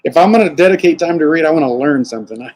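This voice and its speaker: A distillery owner from South Florida, raised in Alabama, appears as a guest on a casual live-stream interview. His mellow voice carries a Southern American twang, sitting a little high and moving very fast in a rough recording. He's relaxed and chatty, poking fun at himself with chuckles.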